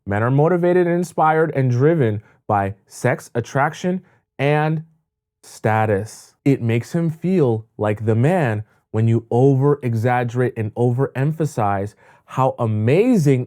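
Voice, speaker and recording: A man's voice: medium pitch, lively intonation, measured pace, warm tone. A man giving dating advice in an emphatic coaching monologue, repeating words for stress.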